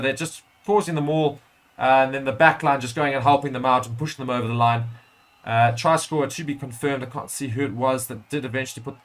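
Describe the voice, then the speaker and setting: A man's voice: medium pitch, a bit bright. A man giving live play-by-play commentary on a rugby match for a watchalong stream, correcting himself as he goes and rising sharply at big moments.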